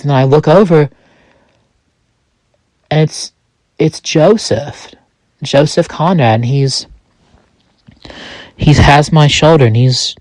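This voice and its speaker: A man narrating a dark first-person story in a halting way, full of restarts and pauses. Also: mid-range voice, dry recording.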